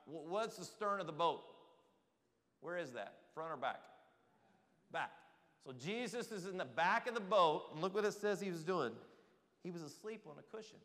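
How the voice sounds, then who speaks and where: A man preaching a sermon in a church, animated and asking the congregation questions directly. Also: a little high. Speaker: pastor. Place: church sanctuary. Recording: reverberant church hall.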